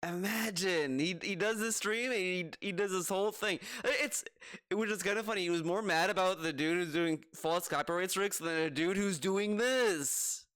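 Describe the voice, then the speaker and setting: A man giving relaxed, joking commentary on a clip he is reacting to. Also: high voice, normal speed, clear, resonant tone. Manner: laid-back, joking. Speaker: commentary youtuber.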